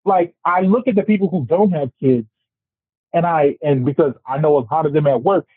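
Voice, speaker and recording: A man on a casual podcast discussion, ranting in an animated, profane way. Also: a little high, moderate pace, husky, no echo. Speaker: podcast panelist. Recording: tinny phone-like, dry sound.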